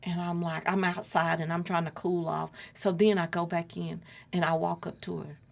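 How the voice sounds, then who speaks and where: A woman's voice: on the low side, level tone, normal speed, vocal fry. A middle-aged woman earnestly retelling a personal story as an interview guest, acting out the dialogue as she goes.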